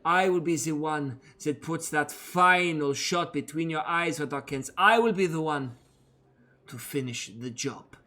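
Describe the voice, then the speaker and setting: A man's voice: fairly high pitch, unhurried, pushed and bright. A man voicing a wounded, vengeful female outlaw who spits threats. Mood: venomous.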